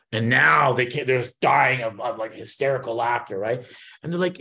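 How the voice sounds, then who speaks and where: A man hosting an interview, telling a story in a lively, animated way with many restarts. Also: medium pitch, brisk, vocal fry. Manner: animated storyteller, lots of repeated starts. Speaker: podcast host.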